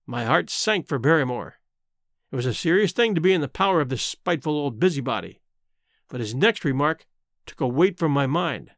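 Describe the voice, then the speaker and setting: A man reading a classic novel aloud in a measured, storytelling voice. His pitch rides fairly high and moves in lively arcs. The recording is close and dry, with no room sound. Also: no echo. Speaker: audiobook narrator. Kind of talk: scripted narration.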